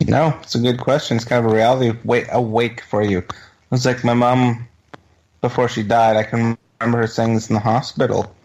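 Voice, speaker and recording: A man's voice: mid-range voice, little pitch movement, fairly quick, a little mellow, rough recording. A man from Canada, a guest on a radio talk show, chatting casually with dry humor. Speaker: guest paranormal investigator.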